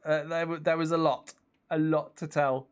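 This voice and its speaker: A young man with a slightly high-pitched voice plays a video game on a live stream from his home. He talks casually, reacting out loud to every turn and reading his viewers' messages back to them. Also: little pitch movement, moderate pace, clear, resonant tone. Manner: chatty, reacts aloud to the game and reads out chat.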